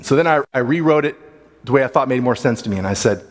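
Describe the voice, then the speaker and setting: A man's voice: medium pitch, animated, fairly quick. A man teaching a church Bible class in a casual, plain-spoken way, thinking aloud as he goes. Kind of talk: conversational Bible class talk. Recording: long hall reverb.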